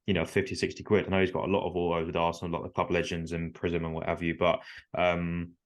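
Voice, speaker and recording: A man talks quickly and firmly on a casual podcast, teasing his co-hosts. His voice is very low. He rattles through his points at speed. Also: completely flat delivery.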